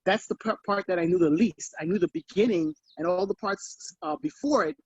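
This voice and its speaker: A man in the audience sharing his own method in an earnest, halting way, heard over muffled video call audio. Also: sits high, darkish tone, husky, no echo. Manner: earnest, halting, repeats himself. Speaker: audience member. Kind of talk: casual question-time comment.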